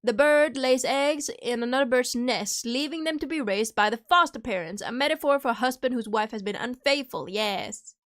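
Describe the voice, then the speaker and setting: A woman's voice: fairly high pitch, moderate pace, few pauses, a bit bright. A young woman streamer chatting casually and jokingly while chewing candy, rambling through her thoughts. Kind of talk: casual livestream chat.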